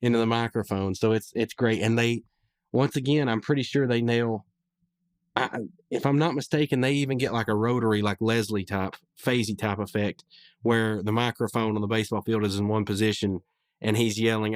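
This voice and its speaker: A man's voice: lowish voice, fairly even intonation, moderate pace, no echo. A male podcast host rambling casually through a recap of a cartoon episode, with lots of restarts. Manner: rambling, with many restarts and fillers.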